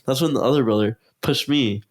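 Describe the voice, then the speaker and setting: A man's voice: mid-range voice, brisk. A young man in casual podcast talk, telling a long story full of fillers and acted-out quotes. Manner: rambling, filler-heavy, acts out quotes. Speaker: guest.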